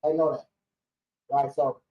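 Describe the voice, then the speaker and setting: A man who owns a credit repair business hosts a live stream, speaking a little slowly in a slightly high voice with little pitch movement. He's blunt, fired up, slangy, and swears freely. The stream audio is lo-fi, dull, roomy, and distant.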